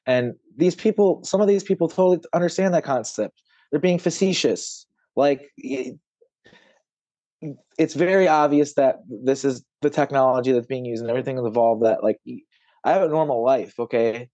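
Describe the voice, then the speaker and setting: Close to tears, this podcast guest talks emotionally and rambles with plenty of fillers and the occasional curse word. He has a medium-pitched, dark voice and a moderate pace. There's no room sound, and the audio is lo-fi.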